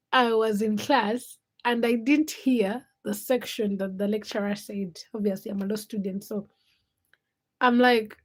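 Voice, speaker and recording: Young woman from Uganda, livestream host, chatty storyteller, slightly high voice. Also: breathy edge. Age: young adult. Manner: chatty storytelling with bursts of laughter. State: sleepy. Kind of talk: casual livestream chat.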